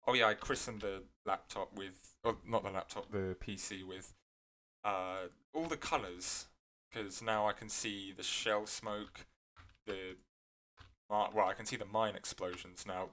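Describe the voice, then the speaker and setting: Guy with a lowish voice chatting over a game, voice keeps cracking, lots of uhs and correcting himself. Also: fairly bright tone. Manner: rambling, many fillers and self-corrections. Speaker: gameplay video creator. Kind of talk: casual gameplay commentary.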